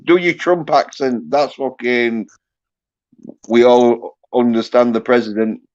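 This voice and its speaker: Man, livestream host, very slow hesitant talk, joking, dull lo-fi audio. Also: mid-range voice, steady tone, darkish tone. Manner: halting, profane, joking. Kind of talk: casual livestream chat. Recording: muffled lo-fi audio.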